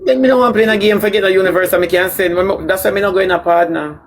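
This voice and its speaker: A man with a Jamaican accent in a camp, sharp-tongued live chat, drawing out words slowly for comic effect. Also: sits high, fairly even intonation. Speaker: livestream personality. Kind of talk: sassy comedic live chat.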